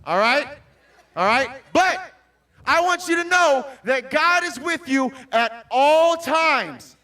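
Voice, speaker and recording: A man with a very high, bright voice preaches to a young crowd as a Christian motivational speaker. He calls out questions and breaks into shouts, and he is picked up from well back from the mic. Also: animated, slow, distant mic. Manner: bursts into shouts.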